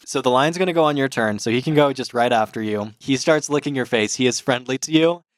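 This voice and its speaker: An upbeat man serving as dungeon master, calling rolls and describing the action quickly. He laughs easily between rulings. His voice sits at a middle pitch, and the sound is dry and close. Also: dry recording. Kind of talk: running a tabletop game.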